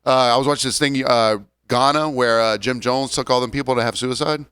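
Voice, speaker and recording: A man's voice: mid-range voice, fairly even intonation, a bit bright, clean tone, no room sound, clean studio sound. A man in his forties co-hosting a casual podcast, joking and ranting through long stories. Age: 40s. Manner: joking, ranting, drawn-out storytelling. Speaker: podcast co-host. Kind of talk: casual chat.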